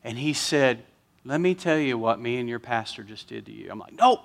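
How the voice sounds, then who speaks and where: A man's voice: mid-range voice, a little fast, creaky. A man, a pastor telling an emotional story during a sermon and getting choked up at times.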